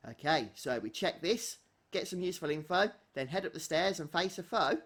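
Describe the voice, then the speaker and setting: A man narrating his own let's-play in a chatty, wry way, mixing commentary with reading the game's text aloud. His voice sits slightly high for a man. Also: lively intonation, normal speed, a bit bright. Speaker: gaming channel host.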